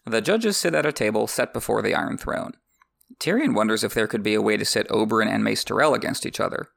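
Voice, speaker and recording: A man's voice: fairly low pitch, animated, fast talker, creaky, a bit bright. A man hosting a podcast, reading a book aloud with wry, joking asides. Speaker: podcast host. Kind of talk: reading a book with comedic commentary.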